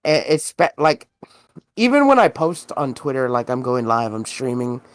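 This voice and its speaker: A young man co-hosting a podcast in casual chat, profane and quick to laugh. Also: medium pitch, very animated. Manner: profane, laughing, restarts a lot. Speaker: podcast co-host and streamer.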